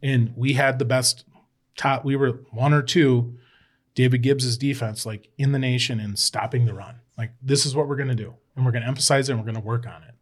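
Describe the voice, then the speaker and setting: A man guest on a podcast, telling an old football story in a rambling, animated way and swearing freely. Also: medium pitch, brisk. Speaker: podcast guest, former college football player. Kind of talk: casual storytelling chat.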